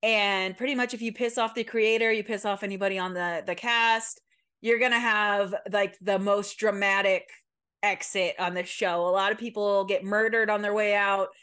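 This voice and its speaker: A woman's voice: medium pitch, steady tone, normal speed, a bit bright, smooth. A young woman co-hosting a podcast over a remote call, chatting casually, swearing now and then and restarting her sentences. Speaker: podcast co-host. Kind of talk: casual chat.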